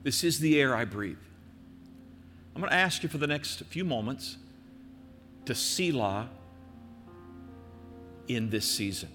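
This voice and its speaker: An older man, a pastor from the American Midwest, preaching an earnest sermon that slows and softens for emphasis. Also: medium pitch, animated, long reverb tail, soft background music.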